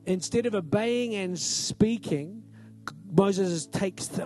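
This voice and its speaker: A man's voice: sits high, slow, warm tone, soft background music. A male pastor giving a conversational, emphatic sermon in a church and often asking the congregation "right?".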